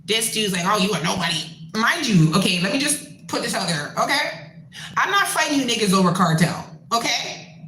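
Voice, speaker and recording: A woman from Canada, a musician hosting her own show, ranting in a blunt, profane and animated way. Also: on the high side, moderate pace, roomy sound, rough recording. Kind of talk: casual rant.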